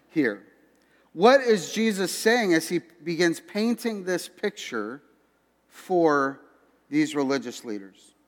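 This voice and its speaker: Male pastor, slightly high voice, chatty sermon delivery, long church reverb. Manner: conversational preaching with asides to the congregation. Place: church sanctuary.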